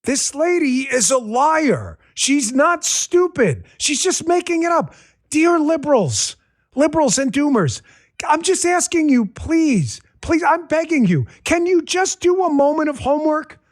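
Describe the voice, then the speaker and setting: A man hosting a political talk show, ranting sarcastically and repeating his punchlines for emphasis while talking straight to his audience and crew. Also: very high voice.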